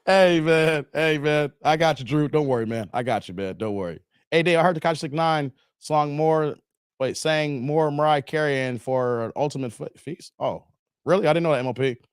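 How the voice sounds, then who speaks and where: A man in his forties from the Chicago area, United States, hosts a casual livestream with a fairly high, clear, resonant voice at a normal speed. He jokes around, uses slang, speaks emphatically, and laughs often. The studio-quality recording has no echo.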